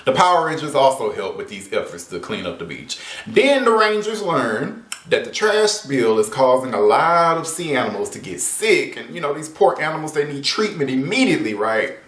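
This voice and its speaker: A man's voice: medium pitch, sing-song, moderate pace, a bit bright. A man casually reviewing a TV episode, sarcastic and exasperated. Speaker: TV show reviewer. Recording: roomy echo.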